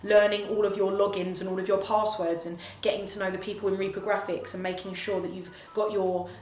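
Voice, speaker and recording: A woman's voice: medium pitch, level tone, fairly quick, a little mellow. A woman teacher giving frank, reflective advice in a casual talk. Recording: roomy room, faint noise.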